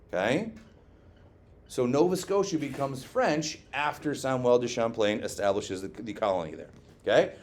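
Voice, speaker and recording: A man teaching a history class in a classroom. His delivery is lively and joking, and he keeps quizzing the students and checking in with "okay?" His pitch sits mid-range for a man. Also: normal speed. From Scotland. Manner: lively, joking, asks the class questions and adds "okay?" often. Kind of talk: classroom lecture.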